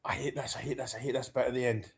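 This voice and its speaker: A man reacting live as a football fan, excitable and anxious, stammering and restarting his sentences. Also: mid-range voice, rapid-fire, creaky, a little hiss or hum. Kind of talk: live match watchalong reaction.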